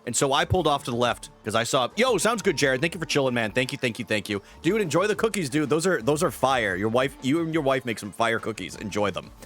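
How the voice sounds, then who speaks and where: A man's voice: medium pitch, sing-song, quick pace, few pauses, a bit bright, faint music behind. A young man chatting casually on a live stream, greeting viewers and rambling with fillers.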